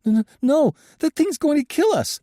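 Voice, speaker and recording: A man's voice: very high voice, sing-song, normal speed, mellow, no room sound, clean studio sound, pitched above the performer's own voice. A man voicing a timid young man who stammers and panics in fear. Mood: panicked. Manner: stammering, fearful.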